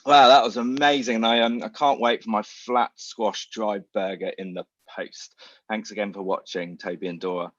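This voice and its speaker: Low-voiced man reading a show outro. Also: fairly even intonation, moderate pace, fairly bright tone, dry recording, lo-fi sound. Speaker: show producer, outro presenter. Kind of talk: scripted sign-off.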